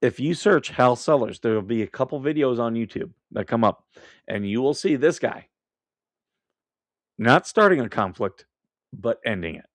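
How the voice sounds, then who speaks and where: A man's voice: mid-range voice, lively intonation, normal speed, long pauses, no room sound. A man hosting a casual live stream, talking bluntly and combatively with lots of swearing and laughing at his own remarks. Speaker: livestream host.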